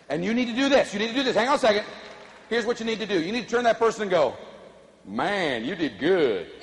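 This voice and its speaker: A middle-aged man giving an animated keynote speech to a live audience, drawing call-and-response from the crowd. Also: sits high. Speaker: motivational speaker. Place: large conference hall. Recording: echoey hall, faint ambience.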